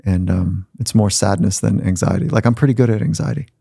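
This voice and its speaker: A man's voice: fairly low pitch, brisk, vocal fry, dark tone, husky, dry recording, studio quality. A man guest on a podcast, telling personal stories in a reflective, conversational way and sometimes acting out the voices of people he quotes. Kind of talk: conversational storytelling. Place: podcast studio.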